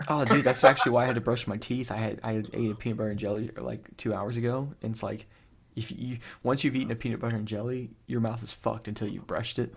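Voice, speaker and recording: A man's voice: mid-range voice, steady tone, fast talker, gravelly, slightly rough. A man rambling in a laid-back way during a casual group chat.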